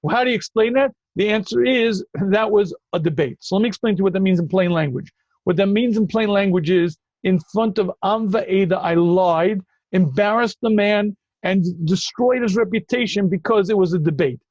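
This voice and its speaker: A man hosting a call-in Q&A as a rabbi, emphatic and quick to cut in with repeated phrases. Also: sits high, darkish tone, no echo, muffled recording. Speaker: rabbi answering callers. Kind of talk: call-in Q&A talk.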